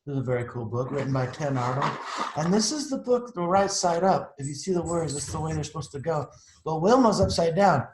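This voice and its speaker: A man's voice: a little high, animated, brisk, reverberant, noisy background. A man reading a picture book aloud to children, chatting about the pictures as he goes. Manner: chatty, adds asides to the pictures. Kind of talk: storytime read-aloud.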